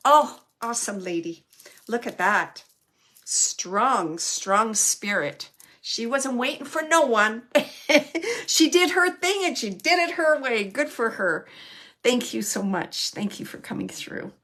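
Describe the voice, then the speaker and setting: A woman's voice: a little high, animated, a little slow, pushed and bright. A middle-aged woman giving a live mediumship reading, chatting casually and relaying messages. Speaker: psychic medium.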